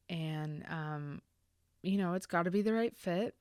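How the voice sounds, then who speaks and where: Woman podcast host, slightly low voice, earnest and halting, speaks close to a dry mic. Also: darkish tone, clear, resonant tone, no echo. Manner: earnest, reflective, halting with many fillers. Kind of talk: personal storytelling on a podcast.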